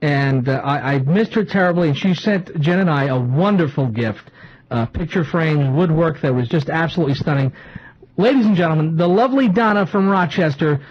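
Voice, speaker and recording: Husky guy hosting talk radio, high-ish voice, all over the place, dull lo-fi broadcast sound. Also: a little fast. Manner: rambling and excitable, with restarts. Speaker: radio talk show host. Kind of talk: live talk radio banter. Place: small radio studio.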